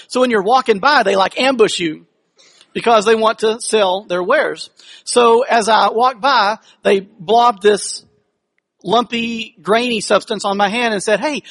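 A pastor delivers a sermon woven with personal stories, his voice high and fairly bright. He keeps things conversational and funny, tossing questions out to the congregation.

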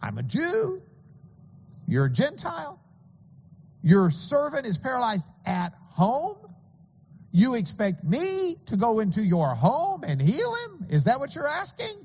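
A man's voice: very high voice, wildly swooping pitch, unhurried, slightly rough, muffled recording, pitched above the performer's own voice, full character voice. A man voicing a male teacher asking questions incredulously.

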